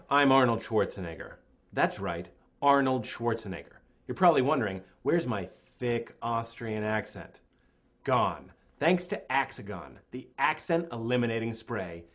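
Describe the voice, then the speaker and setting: A man's voice: medium pitch, lively intonation, normal speed, a bit bright, close to an everyday voice. A man playing a famous action-star actor who keeps slipping into his thick accent while recording a commercial, stubborn and flustered.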